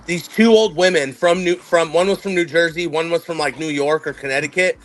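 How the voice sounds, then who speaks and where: A man's voice: a little high, fairly even intonation, fairly quick. A man co-hosting a casual livestream chat, rambling through stories and swearing freely. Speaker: livestream co-host.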